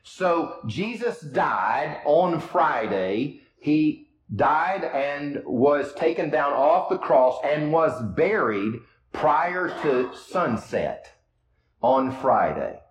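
A man's voice: fairly high pitch, sing-song, very slow, echoey room, low-quality recording. A man preaching a sermon with a Midwestern American accent, retelling scripture in casual, storytelling words. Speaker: pastor.

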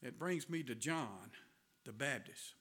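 A man's voice: medium pitch, lively intonation, unhurried, a bit bright, slightly rough. Folksy Southern US preacher man. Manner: folksy storytelling with laughs and repetitions. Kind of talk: sermon.

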